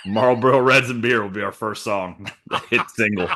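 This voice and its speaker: Male co-host, bright and forceful voice, jokey and profane, casual banter. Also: on the low side, moderate pace. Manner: animated, joking, swears freely. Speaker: podcast co-host. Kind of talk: casual chat.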